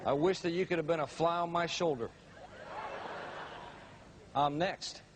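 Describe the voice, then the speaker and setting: A man's voice: a little high, steady tone, a little slow, noisy background. A man giving an emphatic, dramatic motivational speech, telling a story to a live audience. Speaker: motivational speaker.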